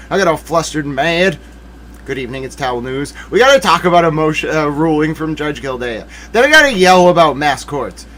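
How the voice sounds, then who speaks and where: Man, livestream legal commentary, high lively voice, mock-outraged ranting, asides to himself.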